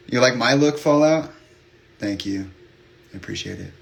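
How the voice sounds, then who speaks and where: A man's voice: medium pitch, wildly swooping pitch, slow, gravelly. A man hosting a livestream, chatting openly with his viewers in a rambling way full of fillers and restarts. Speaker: livestream host. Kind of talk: candid chat with live viewers.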